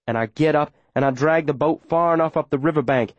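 A man's voice: on the high side, fairly quick, no room sound, lo-fi sound. A man reading a first-person audiobook in an urgent, breathless, tense way. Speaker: audiobook narrator.

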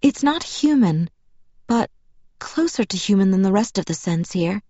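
A woman's voice: medium pitch, expressive, moderate pace, dark tone, dry recording, lightly acted. A woman voicing an alarmed, snappish female vampire. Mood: wary. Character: wary, sharp-tongued female vampire. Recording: dull, dry audiobook recording.

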